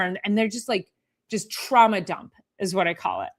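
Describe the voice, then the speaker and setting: A woman's voice: mid-range voice, normal speed. A woman chiropractor hosting a live health talk, chatting casually and acting out her patients with playful sing-song sounds.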